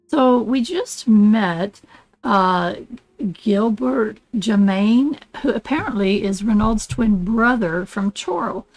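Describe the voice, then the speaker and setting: An older woman hosting a relaxed let's play, chatting and rambling as she plays and often getting sidetracked. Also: medium pitch, poor audio. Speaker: gaming channel host. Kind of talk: casual let's play commentary.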